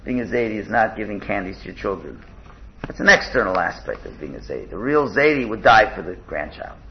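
A man's voice: on the low side, expressive, fairly quick, creaky, lo-fi sound, a little hiss or hum. A man teaching a religious text in a study lesson, often restarting and repeating words as he glosses Hebrew terms in English.

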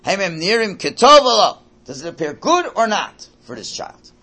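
Brief: older male religious teacher, husky, slightly high-pitched, keeps asking the class questions. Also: normal speed. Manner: animated, keeps checking in with listeners. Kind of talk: lecture to a class.

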